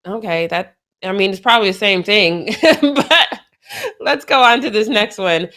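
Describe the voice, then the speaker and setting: A young woman co-hosting a sports talk show, animated and incredulous, laughing easily as she reacts to clips. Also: medium pitch, a little slow. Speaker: show co-host. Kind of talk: sports commentary chat.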